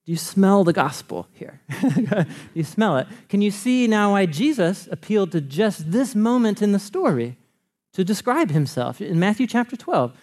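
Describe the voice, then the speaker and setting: A man with a fairly high voice delivers a sermon in a casual, conversational tone. He keeps it animated, swooping up and down and breaking into laughs often. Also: normal speed. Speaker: pastor.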